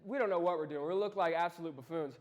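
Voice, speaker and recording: A young man giving a casual youth sermon, telling lively stories and asking his listeners direct questions. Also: fairly high pitch, fast talker, muffled recording. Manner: lively storytelling, talks straight to the listeners. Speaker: youth ministry speaker.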